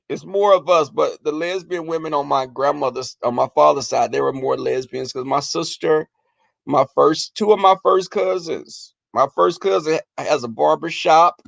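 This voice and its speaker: A man telling comic family stories on his vlog, animated and profane, often breaking into laughter. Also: a little high, a little slow, gravelly, no room sound. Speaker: vlogger. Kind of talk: comic storytelling.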